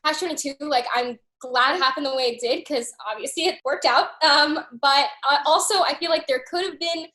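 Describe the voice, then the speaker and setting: A young woman with a high voice chats through her answers as an interview guest, stringing her stories together with plenty of "like". Her voice carries a roomy echo around it. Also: fairly quick, hardly any pauses, bright, forceful tone. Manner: chatty storyteller, peppers speech with "like". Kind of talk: casual interview chat.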